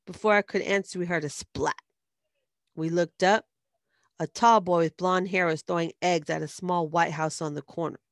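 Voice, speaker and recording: Low, gravelly woman narrating. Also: normal speed, no echo, studio quality. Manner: steady storytelling. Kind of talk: first-person audiobook narration.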